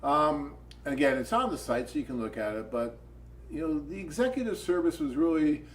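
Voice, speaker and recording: An American man co-hosting a live dating-agency Q&A, telling stories in an animated, chatty way. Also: a little high, normal speed, slight background noise, rough recording. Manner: animated storyteller, chatty and upbeat. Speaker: co-host of a dating agency webcast. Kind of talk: casual live Q&A chat.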